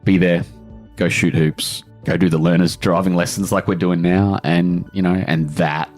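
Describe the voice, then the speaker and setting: Very deep-voiced Australian man, rambling. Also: flat delivery, moderate pace, a little mellow, faint music behind. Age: 40s. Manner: rambling, earnest, many fillers and restarts. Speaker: author guest. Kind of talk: emotional podcast interview.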